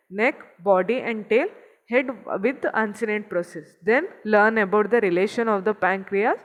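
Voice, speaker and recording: A woman's voice: medium pitch, long reverb tail. A woman teaching an anatomy lesson, going step by step, pointing at a figure and repeating the key terms. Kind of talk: recorded anatomy lecture.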